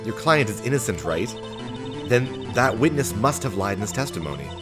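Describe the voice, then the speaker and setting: A man voicing a calm female mentor lawyer in a video game, guiding and steady. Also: on the low side, normal speed, over music.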